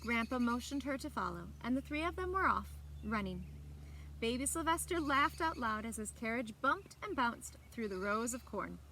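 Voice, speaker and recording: Librarian, woman, story-time reader; bright, animated, expressive. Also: fairly high pitch, moderate pace, slight background noise. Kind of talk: children's story time read-aloud.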